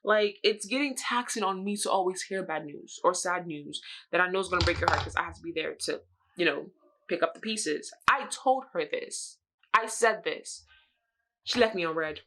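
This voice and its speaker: A young woman telling a drama story while doing her makeup, animated and swearing, acting out what she said. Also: fairly low pitch, moderate pace. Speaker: beauty vlogger. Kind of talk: get-ready-with-me story time.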